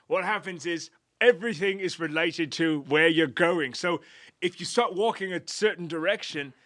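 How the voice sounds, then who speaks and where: British guy goofing around as a show exec, high bright voice, bounces all over, dry studio sound. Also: moderate pace, no room sound. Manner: playful, boastful, laughing often. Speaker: improv comedian playing an executive. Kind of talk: improvised comedy chat.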